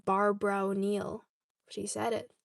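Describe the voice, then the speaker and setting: A woman's voice: medium pitch, level tone, measured pace, gravelly, dry recording, studio quality. A young woman vlogger chatting casually, answering viewer questions and often checking in with "okay?". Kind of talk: casual chat.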